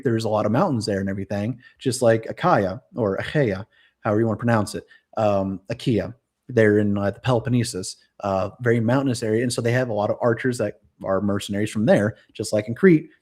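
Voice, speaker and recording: A man's voice: mid-range voice, darkish tone. A young man hosting a casual live stream, rambling with lots of fillers and self-corrections. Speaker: host.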